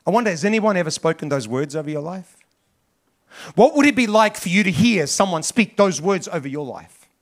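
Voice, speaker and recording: Emphatic pastor preaching. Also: male voice, big pitch swings, fairly quick. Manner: emphatic, repetitive preaching with big swings in pitch and loudness. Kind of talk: sermon.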